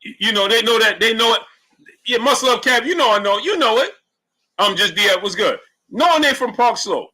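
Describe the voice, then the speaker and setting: A man's voice: extremely high pitch, fairly quick, poor audio. A man with a New York accent hosting a casual sports live stream, talking animatedly and reading viewers' comments aloud. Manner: animated, talks straight to chat, reads comments aloud. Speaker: sports show host.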